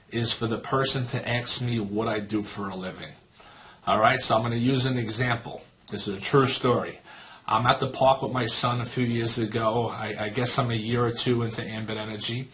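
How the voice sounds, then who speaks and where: A man in his thirties teaches a sales training session with plenty of energy. He tells a story and acts out both sides of the conversation. His voice sits at an ordinary pitch for a man. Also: a bit bright, a little hiss or hum. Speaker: network marketing trainer.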